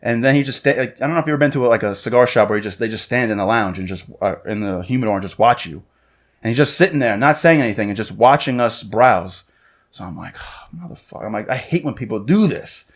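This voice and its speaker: A podcast host in his thirties tells a story in a loose, profane chat, acting out what people said. He's a fast talker with a lowish voice.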